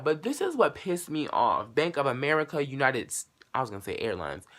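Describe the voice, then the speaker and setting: A young man in his late teens runs through a storytime vlog with a sharp, bright tone. He is sassy and profane and throws his voice high and loud whenever he acts out what someone said. His pitch sits in the middle for a man. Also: very animated, fairly quick, few pauses. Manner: acts out dialogue with big jumps in pitch and loudness. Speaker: vlogger.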